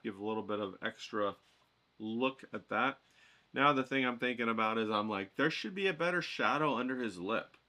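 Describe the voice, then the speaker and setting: A man's voice: lowish voice, pushed and bright. A man teaching a watercolor painting demo, chatting and thinking aloud as he paints. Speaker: watercolor instructor.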